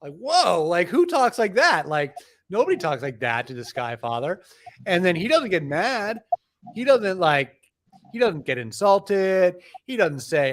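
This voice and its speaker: A middle-aged man, an author, explaining things in a lively, discursive way with frequent restarts. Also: high voice, measured pace. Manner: animated storyteller, frequent restarts. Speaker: author, interview guest. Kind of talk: conversational explaining.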